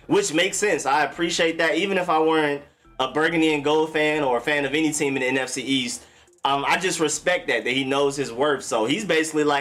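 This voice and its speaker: A young man hosts a football live stream, chatting loosely in slang and greeting viewers by name. His voice sits on the high side with a fairly bright tone, and he talks at a normal speed.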